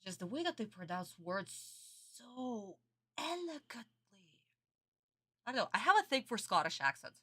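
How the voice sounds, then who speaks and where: A woman's voice: medium pitch, big pitch swings, fast talker, few pauses, pushed and bright. A woman streaming a reaction to a cartoon episode, chatting with her viewers and calling them darling. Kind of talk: casual reaction commentary.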